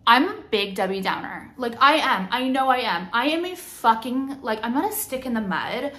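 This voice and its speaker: Woman, young adult, high pitch, sharp bright voice, casual swearing rant, many "like"s. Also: animated, normal speed. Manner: profane, heated ranting with frequent "like". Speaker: vlogger.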